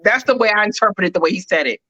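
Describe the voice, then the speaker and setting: A woman's voice: mid-range voice, lively intonation, quick pace, pushed and bright, a little hiss or hum, rough recording. A woman co-hosting a casual gossip chat, rambling and judgmental, full of filler words. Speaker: co-host.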